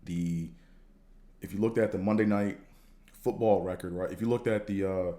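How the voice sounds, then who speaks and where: A man hosting a podcast, talking in a casual, slangy, profane monologue that rambles and jumps higher when he gets fired up. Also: steady tone, normal speed, mellow. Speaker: podcast host.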